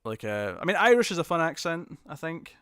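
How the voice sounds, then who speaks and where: A man's voice: a little high, very animated, a little fast, a bit bright, smooth, no room sound, clean studio sound. A British man hosting a live stream, chatting casually through viewer comments in a rambling, hesitant way, often restarting and chuckling.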